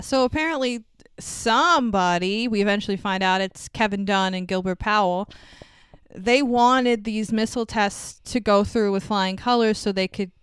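Animated, smooth-voiced woman recapping a movie. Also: mid-range voice, no room sound. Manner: animated, swears freely, acts out characters' lines. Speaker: podcast co-host. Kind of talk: casual movie recap chat.

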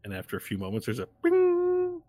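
A man narrating a tabletop game as game master, in a relaxed, meandering way. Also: lowish voice, normal speed, breathy edge, dry recording.

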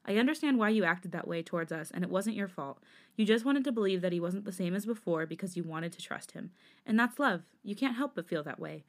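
A woman's voice: mid-range voice, expressive, fairly quick, natural voice. A woman voicing a protective younger man who swings between worry, outrage and comfort in a podcast fanfic reading. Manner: warm but fiery, swears when angry. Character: protective, indignant younger man, loyal friend.

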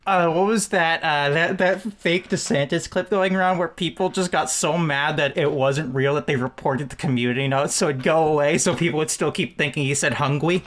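A man's voice: fairly high pitch, a little fast, few pauses, fairly bright tone. A man co-hosting a podcast in casual chat, rambling through stories and laughing often. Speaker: podcast co-host.

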